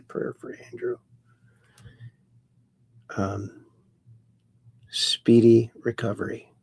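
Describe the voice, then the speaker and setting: A man hosts a casual livestream, reading out viewer comments with playful little asides. His voice has a gravelly, fry-tinged edge. The sound is close and dry. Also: medium pitch, no room sound. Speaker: livestream host reading chat.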